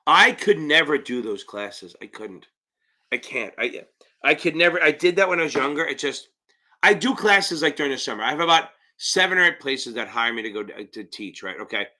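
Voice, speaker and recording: A man's voice: fairly high pitch, expressive, normal speed, sharp tone. A man running a live-stream Q&A as an exam prep tutor, talking bluntly, rambling and swearing casually as he answers viewers.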